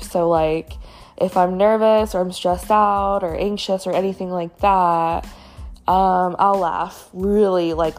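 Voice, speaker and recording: A woman's voice: fairly low pitch, darkish tone. A young woman hosting a podcast, telling a candid personal story in a rambling way with many fillers. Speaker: podcast host.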